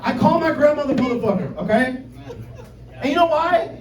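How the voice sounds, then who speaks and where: A man's voice: very high-pitched, animated, fairly quick, a little mellow. Brash profane male stand-up comic. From Miami, United States. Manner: brash, profane, teases the crowd. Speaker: stand-up comedian. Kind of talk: stand-up comedy set. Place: comedy club. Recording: echoey club, distant mic, crowd. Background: laughing crowd.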